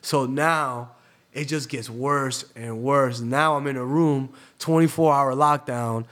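Podcast guest, young man from Florida, relaxed streetwise storyteller with an ordinary mid-range voice. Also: medium pitch, takes it slowly. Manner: streetwise, swears freely, says "bro" often. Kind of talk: casual storytelling interview.

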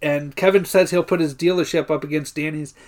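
A man co-hosting a podcast, recapping a movie in casual, profane chat, laughing often and acting out the characters' lines in loud voices. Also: on the high side, fairly even intonation, a little fast. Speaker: podcast co-host.

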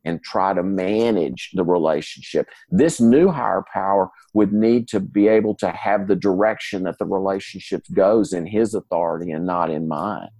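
A man's voice: low voice, moderate pace, hardly any pauses, no echo. Folksy man telling stories. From Mississippi, US. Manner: folksy, animated storyteller who acts out dialogue. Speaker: guest in recovery. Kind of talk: casual storytelling interview.

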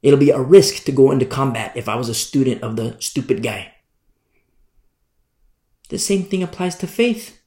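A man preaching a sermon as pastor, hammering his points by repeating them and swinging between loud and hushed. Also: medium pitch, lively intonation, normal speed, pauses often. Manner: emphatic, repetitive preaching with sharp swings in loudness. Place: church room. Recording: roomy echo.

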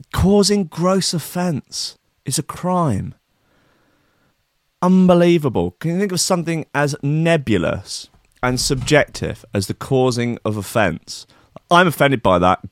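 A man's voice: mid-range voice, no echo, studio quality. A man reading out news stories and mocking them in a sarcastic, exasperated rant. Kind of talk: ranting news commentary.

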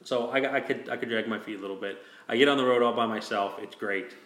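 Talking quickly in a medium-pitched, fairly bright voice, a man spins a long hunting tale as host of a casual chat. He rambles, restarting often and saying "you know" a lot. The recording sounds roomy.

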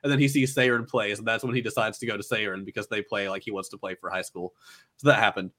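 A man's voice: lowish voice, steady tone, fast, pushed and bright. A man co-hosting a podcast, casually recapping an anime in a rambling way, with lots of "like" and "uh" and frequent restarts. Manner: rambling retelling, filler-heavy, many restarts. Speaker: podcast co-host.

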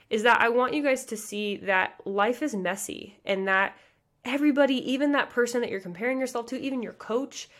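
A woman's voice: a little high, fairly bright tone. Brief: woman, 30s, from the Midwest, podcast host, fervent motivational talk. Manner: passionate, fast, chatty with many likes and you guys. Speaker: pageant coach and podcast host.

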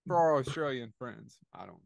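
A man hosting a podcast in casual chat, excitable and jokey, swinging between loud bursts and quieter asides. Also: mid-range voice, moderate pace, vocal fry, no echo, lo-fi sound. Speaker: podcast host.

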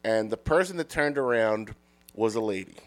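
A man's voice: fairly low pitch, animated, normal speed. A man guest on a comedy podcast telling a self-deprecating, profane story, acting out what people said.

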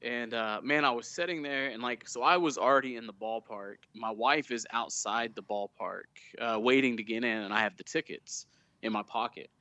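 A man chatting as a guest on a fan podcast, telling lively anecdotes and acting out quotes. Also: mid-range voice, moderate pace, no room sound. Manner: storytelling, animated retelling of quotes. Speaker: guest, fan club leader. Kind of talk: casual podcast chat.

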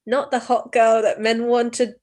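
A woman's voice: a little high, level tone, normal speed, a little mellow. A woman co-hosting a podcast, chatting playfully and laughing often. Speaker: podcast co-host. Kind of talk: casual chat.

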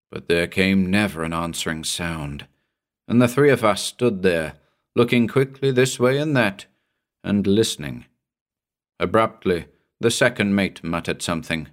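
A man narrating a horror story in a measured, suspenseful reading. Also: on the low side, lively intonation. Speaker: audiobook narrator.

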